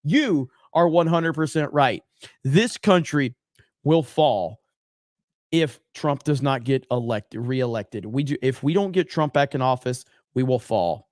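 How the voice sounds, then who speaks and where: A man's voice: mid-range voice, measured pace, dry recording, studio quality. A man hosting a livestream in a casual style, reading viewer chat aloud and answering in a blunt, profane way, often repeating words for emphasis. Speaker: livestream host.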